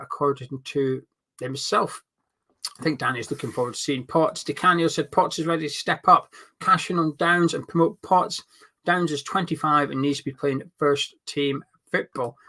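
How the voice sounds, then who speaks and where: Bright-voiced chatty man hosting live. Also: on the high side. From not from England. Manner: chatty, reads out viewer comments. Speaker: host of a fan channel. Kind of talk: live fan watch-along chat.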